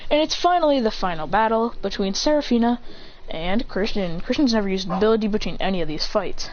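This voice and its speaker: A woman's voice: mid-range voice, fast talker, muffled recording. A woman improvising a fan story, rambling and correcting herself as she goes. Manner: rambling, self-correcting, excited.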